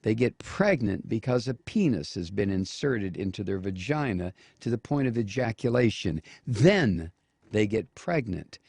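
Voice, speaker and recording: A man's voice: fairly low pitch, lively intonation, measured pace, darkish tone, husky, soft background music. A male radio talk show host giving angry political commentary, scornful and name-calling, mocking quotes in a raised voice.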